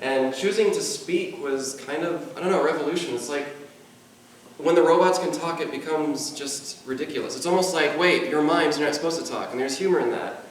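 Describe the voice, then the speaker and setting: A man with a slightly high voice speaks casually on a convention panel, stumbling and repeating words in a mild natural stutter. He is far from the mic in a very echoey hall. A faint hiss sits under the room sound. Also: fairly quick. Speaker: convention panelist, mime performer.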